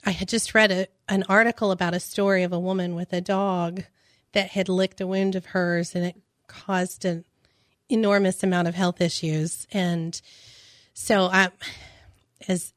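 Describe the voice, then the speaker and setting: A woman, a parent, telling her story on a radio talk show, hesitant and halting with many restarts. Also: fairly low pitch, level tone, no echo, studio quality. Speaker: guest, parent.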